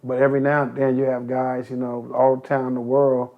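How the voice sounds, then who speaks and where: An older man from Compton, California, telling stories as an interview guest, animated and swearing freely. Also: medium pitch, brisk. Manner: animated, acts out quoted voices, swears freely. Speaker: interview guest, youth basketball coach. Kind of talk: casual storytelling. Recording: dull lo-fi recording.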